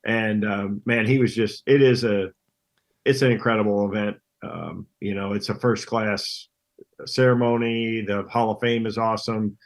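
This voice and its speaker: A middle-aged man, talking as a podcast guest in a relaxed, plain-spoken way. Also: fairly low pitch, moderate pace. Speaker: guest, pro angler. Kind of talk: casual interview chat.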